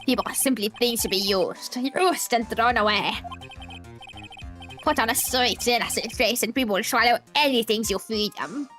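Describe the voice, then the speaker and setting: Lady reading lines as a gloating two-faced celebrity villain guy, sneery, high voice, faint music behind. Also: moderate pace, a bit bright, natural voice.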